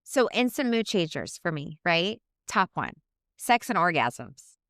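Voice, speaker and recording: A woman's voice: lowish voice, sing-song, measured pace, fairly bright tone, no room sound, clean studio sound. A woman co-hosting a podcast in casual chat, speaking candidly, swearing freely and acting out quarrels in quoted voices. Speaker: podcast co-host.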